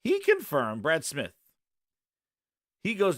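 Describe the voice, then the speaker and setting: A man's voice: on the high side, big pitch swings, unhurried, pushed and bright, dry recording, clean studio sound. A man hosting a gaming show, ranting with sarcasm and exasperation in casual commentary.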